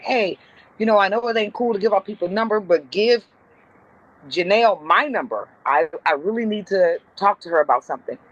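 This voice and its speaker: A woman from Compton, California, a comedian telling blunt, profane stories as a podcast guest. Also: muffled recording. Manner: blunt, profane, jumps high and loud when acting out quotes. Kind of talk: casual storytelling on a podcast.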